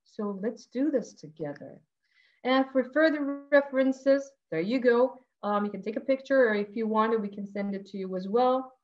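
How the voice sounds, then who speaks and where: A teacher trainer presents an animated webinar at an online education conference, greeting her audience warmly and fielding questions. Her high, emotional voice moves at a moderate pace, though the computer mic makes it dull and lo-fi.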